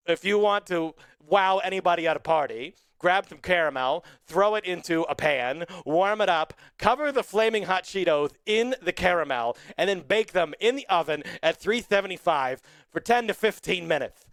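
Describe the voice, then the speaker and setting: A man doing a bright giggly puppet host. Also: sits high, lively intonation, normal speed, dry recording. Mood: advice-giving. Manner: playful, giggly, wordplay-loving. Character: excitable male puppet morning show host. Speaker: puppet talk show host. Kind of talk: casual live-stream chat.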